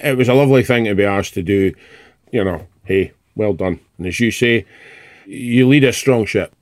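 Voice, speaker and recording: A man's voice: fairly low pitch, normal speed, no room sound. A man, a guest who joins the chat with dry, teasing remarks. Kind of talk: casual chat.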